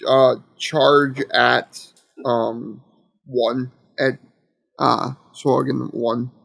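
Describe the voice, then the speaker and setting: A man's voice: mid-range voice, flat delivery, extremely slow, creaky, fairly bright tone, low-quality recording. A man playing a tabletop game, asking questions about the rules. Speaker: player.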